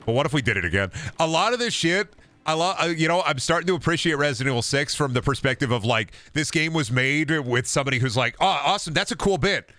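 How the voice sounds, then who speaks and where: A man's voice: a little high, animated, fast, bright, forceful tone, no echo. A man streaming a game, rambling through sarcastic, profane riffs and slipping into goofy voices for bits. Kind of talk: casual gameplay commentary.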